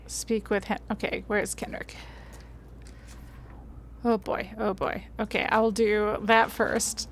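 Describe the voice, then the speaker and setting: A woman's voice: mid-range voice, flat delivery, takes it slowly, pauses often, a little hiss or hum. A woman streaming a video game, chatting casually and reading in-game notes aloud. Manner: chatty, laughs often, trails off.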